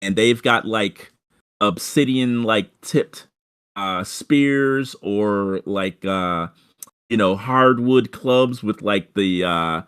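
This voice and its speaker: A man narrating a tabletop game as game master, halting, with many fillers and restarts. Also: fairly low pitch, a bit bright, clean tone.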